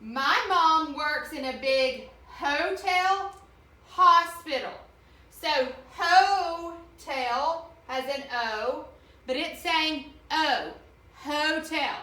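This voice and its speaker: A woman teacher giving an online reading lesson to children, slowly and clearly sounding out the vowels in each word. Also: high voice, sharp tone, roomy sound.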